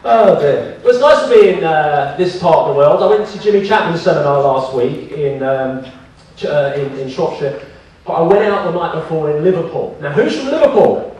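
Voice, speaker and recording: A high, lively male voice telling jokes to a seminar crowd, a man in his thirties who mocks himself as he goes. He is heard from well off the microphone in a very echoey hall, with steady noise under him. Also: normal speed, distant mic. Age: 30s. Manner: joking, self-mocking storyteller. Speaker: guest speaker. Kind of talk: comic business seminar talk. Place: large hall with an audience.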